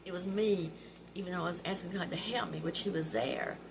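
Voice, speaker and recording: A woman's voice: fairly low pitch, fairly even intonation, fairly quick, gravelly. A middle-aged woman, telling heartfelt stories to her viewers in a chatty, emotional way. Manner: heartfelt and chatty, often laughing through tears. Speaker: vlog host. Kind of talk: personal storytelling. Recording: background noise.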